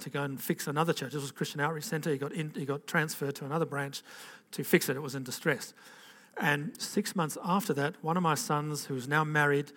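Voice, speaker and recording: An older man, telling his life story as a chatty, animated testimony. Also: a little high. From Africa. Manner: animated, chatty storytelling with lively quoted voices. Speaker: speaker giving testimony.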